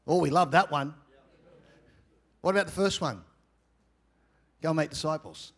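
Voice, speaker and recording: A man with an Australian accent, a pastor preaching a lively, humorous sermon with frequent asides to the congregation. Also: on the high side, normal speed, long pauses, breathy edge.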